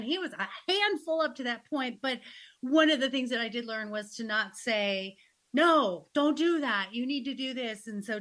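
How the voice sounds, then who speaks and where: A woman in her fifties hosting a podcast, a grandmother chatting casually and acting out quotes with laughter. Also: a little high. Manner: animated, laughing, acts out quotes. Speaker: podcast host.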